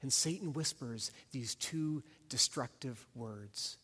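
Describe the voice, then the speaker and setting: A man's voice: on the high side, lively intonation, a little slow. Man preaching in a reverberant church. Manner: emphatic, repetitive preaching cadence. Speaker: senior pastor. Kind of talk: sermon. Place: church sanctuary.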